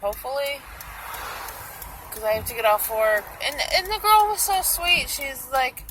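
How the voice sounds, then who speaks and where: Young woman for a casual storytime vlog: chatty, animated, a bit high-pitched, with faint vehicle hum behind. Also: measured pace. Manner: chatty, animated retelling with quoted voices. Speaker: vlogger.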